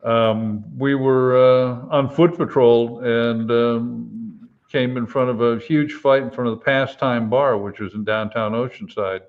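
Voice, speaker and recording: A man tells an old police story at an unhurried pace, stopping often to gather his words. The audio is dull and lo-fi, like a live stream. His pitch sits at an ordinary middle level for a man. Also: fairly even intonation. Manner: slow, halting anecdote with many fillers. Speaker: retired police officer, co-host.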